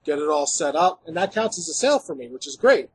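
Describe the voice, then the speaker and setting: A man co-hosting a podcast, chatting casually with some swearing, his voice often trailing off quietly. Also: on the high side, big pitch swings, fast, slight background noise, low-quality recording. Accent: American. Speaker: podcast co-host. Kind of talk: casual chat.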